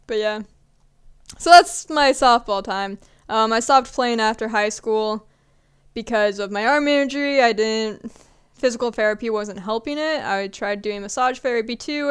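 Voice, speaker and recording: A woman's voice: on the high side, clean tone. A young woman in her early twenties telling casual stories in a chatty way, swearing now and then and acting out what people said. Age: young adult. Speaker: vlogger. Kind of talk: casual storytelling.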